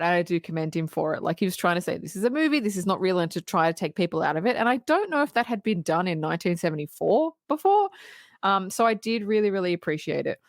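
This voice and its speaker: A woman's voice: lowish voice, dry recording, studio quality. A woman co-hosting a podcast, retelling a film scene by scene in casual chat, swearing and laughing often. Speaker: podcast co-host.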